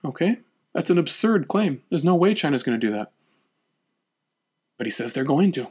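High-voiced animated male lecturer. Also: moderate pace, breathy edge. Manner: animated, acts out quotes, frequent restarts. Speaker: history lecturer.

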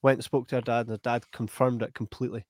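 A man's voice: medium pitch, quick pace, dry recording. A Scottish man telling an anecdote in casual chat, acting out what other people said. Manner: animated anecdote-telling, acting out quoted voices.

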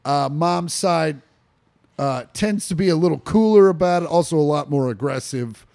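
A man's voice: fairly high pitch, moderate pace, vocal fry, a little mellow. A young man co-hosting a casual podcast from a living room, rambling with lots of fillers, restarts and swearing. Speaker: podcast co-host.

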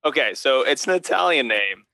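Bright, earnest man co-hosting a podcast. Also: medium pitch, lively intonation, moderate pace, gravelly, no echo, poor audio. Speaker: podcast co-host. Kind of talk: casual podcast chat. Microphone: remote call mic.

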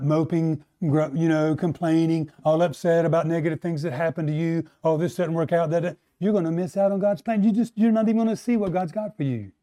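A man delivering a sermon in a somewhat high voice. He builds up to a higher, louder pitch when stressing a point and draws out his key lines slowly. He acts out what people might say and keeps asking his listeners for replies. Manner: acts out quoted voices and asks the crowd for replies. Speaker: pastor.

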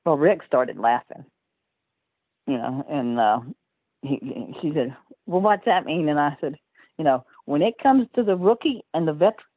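A woman's voice: low-pitched, lively intonation, normal speed, no echo. An older woman telling stories as an interview guest, rambling and laughing often mid-sentence, heard over a tinny phone line.

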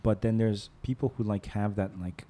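A man with a fairly low voice tells long, rambling stories on a casual podcast chat. He laughs often and slips into other people's voices as he goes. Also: steady tone, moderate pace, warm tone. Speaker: podcast host.

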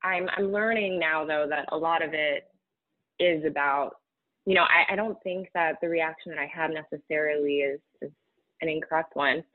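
A woman speaking candidly in an interview, halting and emotional, close to tears at times. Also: sits low, no room sound. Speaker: guest sharing a personal story. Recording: tinny phone-like audio.

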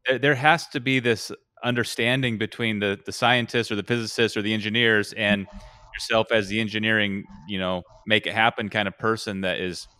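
A man's voice: lowish voice, fairly even intonation, brisk, pushed and bright, clean tone, no room sound, studio quality. A man interviewing a guest casually, asking long searching questions with enthusiasm.

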